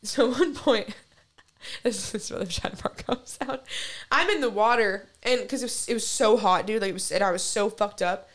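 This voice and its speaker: On a podcast, a young woman co-host tells a long story in casual conversation, rambling, swearing, and saying "like" constantly. Her voice is medium-pitched and fairly bright, at a moderate pace.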